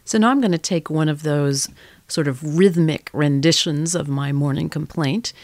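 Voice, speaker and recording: Relaxed woman teaching songwriting. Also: deep voice, normal speed. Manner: relaxed, encouraging, demonstrates by speaking and singing lines. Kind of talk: instructional lesson with sung examples.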